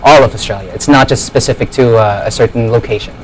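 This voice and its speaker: Filipino guy hosting a tv interview, lots of uhs, middle pitch. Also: fast talker, poor audio. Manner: hesitant, heavy "uh" fillers. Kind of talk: studio TV interview. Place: TV studio.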